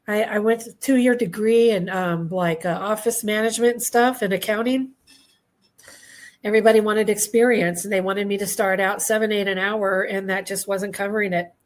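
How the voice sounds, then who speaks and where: Woman veteran as interview guest, mid-pitched, candid and halting, clears throat often. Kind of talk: personal testimony in conversation.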